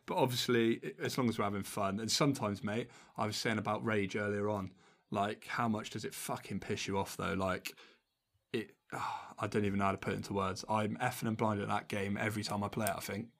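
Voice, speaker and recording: A man's voice: lowish voice, fairly even intonation, a little fast, a bit bright. A young man hosting a podcast in casual chat, swearing freely and laughing often. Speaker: podcast host.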